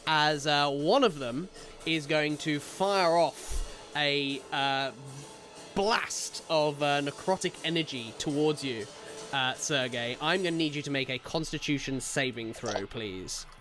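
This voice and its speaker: A man runs a tabletop game as game master, his voice pitched a little high. He talks in a relaxed, halting way, with plenty of pauses. Soft music plays underneath. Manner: relaxed, hesitant with fillers.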